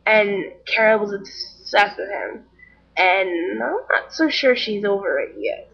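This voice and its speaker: A young woman telling a story in a casual vlog, chatty and animated, acting out the people she quotes. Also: medium pitch, a little slow, gravelly, slightly rough, highs cut off.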